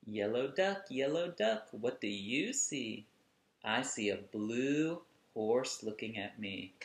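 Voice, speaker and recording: A man working as a children's museum educator, reading a picture book aloud to kids in a gentle, expressive, playful way. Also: on the low side, echoey room.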